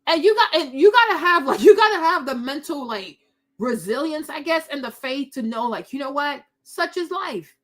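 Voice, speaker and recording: A middle-aged woman with a high voice tells a personal story straight to her viewers. She talks in a chatty, animated way, full of asides and quick turns back to her listeners. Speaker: host.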